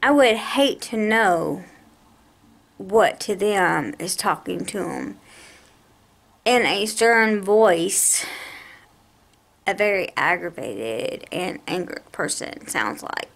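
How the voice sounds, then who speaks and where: A woman's voice: mid-range voice, lively intonation, slow pace, vocal fry, pauses often, a bit bright. A woman telling an angry story about a medical bill, talking in a heated, exasperated way with her voice raised. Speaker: vlogger. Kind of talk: angry personal rant to camera.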